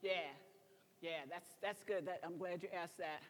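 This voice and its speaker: Teaching a choir a gospel number, this woman alternates spoken directions with sung examples. Her voice is on the low side, steady and a little slow, and a long reverb tail follows her words.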